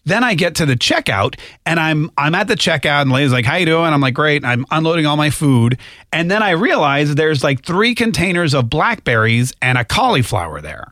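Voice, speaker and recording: A man's voice: a little high, very animated, a little fast, a bit bright, dry recording. Joking male radio co-host, dry studio. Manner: jokey storyteller, playful teasing. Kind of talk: casual morning radio banter. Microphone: studio microphone.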